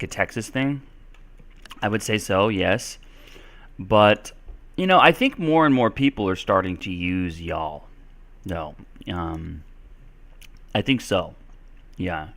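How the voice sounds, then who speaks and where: A man's voice: lowish voice, a bit bright. A man hosting a casual live-stream English Q&A lesson, chatty, with many fillers. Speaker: English teacher and stream host.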